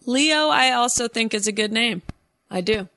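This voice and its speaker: A woman's voice: a little high, normal speed, bright, forceful tone, no room sound. A woman from Oakland, California, hosting a podcast and joking her way through a casual phone chat. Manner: joking, playful, breaks into silly voices. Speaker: podcast host.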